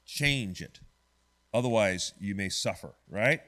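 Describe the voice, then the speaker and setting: A man's voice: fairly low pitch, lively intonation, slow pace, sharp tone. A man teaching an adult church Bible study class in a church classroom, conversational and often quizzing the class with "right?".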